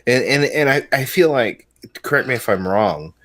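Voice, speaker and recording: Man, podcast co-host, crude joking banter, stammering restarts, mid-pitched voice. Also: lively intonation, moderate pace, a bit bright. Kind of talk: casual chat.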